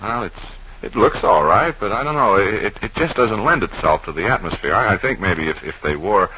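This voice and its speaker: A man hosting a 1940s radio comedy, tossing off deadpan absurd asides in a halting ad-lib style. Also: fairly low pitch, a little hiss or hum. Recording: dull old radio broadcast recording.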